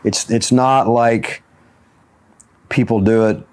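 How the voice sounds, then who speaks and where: A man's voice: mid-range voice, fairly even intonation, takes it slowly, darkish tone, smooth. A man hosting a motivational talk show, telling stories and chuckling often as he talks. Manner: storytelling with frequent chuckles. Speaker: show host and jiu-jitsu instructor.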